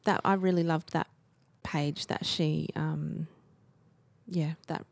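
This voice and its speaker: A woman's voice: low-pitched, steady tone, slow, vocal fry, no room sound. A woman co-hosting a casual book podcast, chatty and encouraging with emphatic asides. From Australia. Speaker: podcast co-host. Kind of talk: casual book-club chat.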